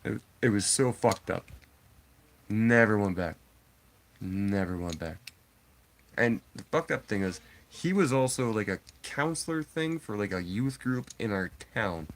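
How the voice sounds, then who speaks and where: A man's voice: lowish voice, measured pace. A man streaming live and telling a story casually to his chat, talking bluntly and swearing freely. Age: adult father. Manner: profane, blunt and animated.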